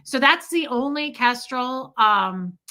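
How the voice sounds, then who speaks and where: Woman, livestream host, casual storytelling, candid, rambling, crisp bright tone. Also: sits high, animated, slow. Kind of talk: casual storytelling to live chat.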